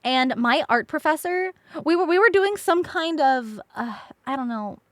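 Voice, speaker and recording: A young woman streams and tells a story to her chat in a casual way. Her voice sits high and swings widely in pitch, and she laughs and swears often. The sound is close and dry. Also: animated, moderate pace, no echo.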